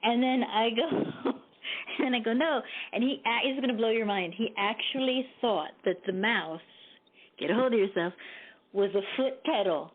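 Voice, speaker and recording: A woman's voice: fairly high pitch, normal speed. A woman hosting a live internet radio show, telling stories in a chatty way, laughing often and swearing casually. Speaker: host. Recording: tinny phone-like line.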